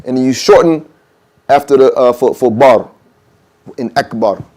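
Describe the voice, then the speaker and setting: A man runs an adhan workshop in a mosque room in a relaxed way, demonstrating pronunciations aloud and often checking with "okay?" He has a medium-pitched, dark voice and speaks at a moderate pace.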